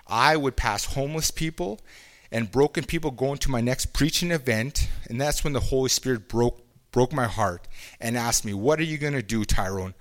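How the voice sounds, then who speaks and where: A man from Canada preaching his personal testimony at an ordinary pitch. He speaks earnestly and haltingly, often stopping to restart a phrase as he works through his story. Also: fairly bright tone.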